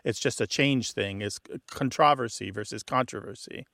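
A man co-hosting a call-in show, explaining things in a measured, lecturing way with frequent restarts. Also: fairly low pitch, gravelly, fairly bright tone, no room sound, clean studio sound. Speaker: co-host of a language call-in show. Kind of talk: explanatory radio chat.

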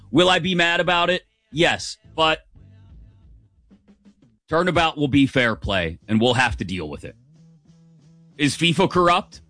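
An American man hosting a sports radio show, giving a sarcastic, opinionated monologue. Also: no echo. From United States. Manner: sarcastic, animated, shifts pitch for emphasis.

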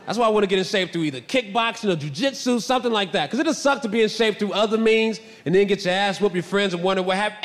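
A male stand-up comedian telling a story in an animated way, often breaking into shouted bits. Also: sits high, fast talker, in a large hall.

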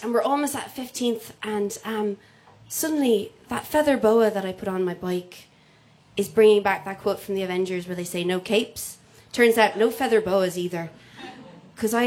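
A woman's voice: medium pitch, slight background noise. A woman telling a comic personal story live, acting out the voices of the people in it. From Ireland. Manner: comic, animated, acts out quoted voices.

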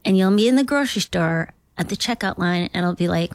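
A woman's voice: lowish voice, expressive, fast, dry recording. A woman comedian from Minnesota, talking casually in an interview with rambling, self-deprecating asides. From Duluth, Minnesota. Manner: rambling, self-deprecating, slips into character voices. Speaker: comedian guest.

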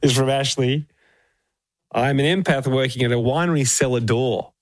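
A man co-hosting a casual comedy podcast, playful and quick to laugh, reading out listener messages. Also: medium pitch, no echo. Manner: playful, laughs often, voice swings up and down. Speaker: podcast co-host. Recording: dry close-mic studio sound.

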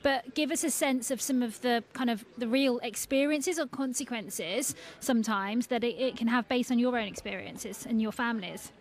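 A woman hosting a radio discussion, briskly bringing in guests and asking questions. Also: on the high side. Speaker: radio host.

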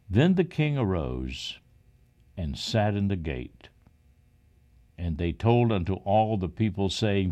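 Deep, slow solemn man reading scripture. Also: big pitch swings, warm tone. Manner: solemn, measured. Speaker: reader.

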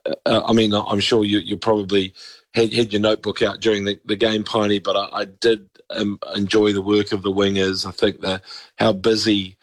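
A New Zealand man talking sport on the radio in a chatty, rambling way, tripping over his words as he goes. His voice sits low, and the sound is dry and close with no room around it. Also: flat delivery, normal speed, dry recording. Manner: chatty, rambling, with many restarts. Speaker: regular sports commentator. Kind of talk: casual radio sports chat.

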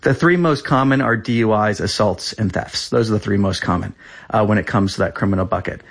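Speaking as a government spokesperson in a press interview, a man in his thirties keeps circling back to the same talking points. His fairly low, husky voice carries vocal fry, and he talks fast and insistently.

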